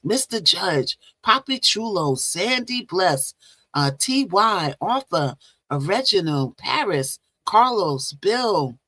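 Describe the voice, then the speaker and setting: A woman's voice: on the low side, very animated, slow, fairly bright tone, dry recording. A woman hosting a casual live stream, chatting and repeating herself as she greets viewers. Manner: chatty, repeats phrases, talks to viewers directly. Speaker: livestream host.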